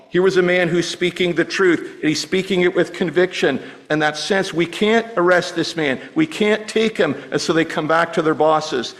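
A man's voice: on the high side, low-quality recording. Middle-aged male pastor with stammering restarts. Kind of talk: sermon.

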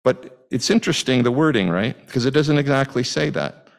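A middle-aged man from Canada delivering a sermon in a mid-pitched voice. He talks in an easy conversational way, asking his listeners questions and restarting his sentences often. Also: expressive, moderate pace, vocal fry. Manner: conversational preaching with questions to the congregation and frequent restarts. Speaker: pastor.

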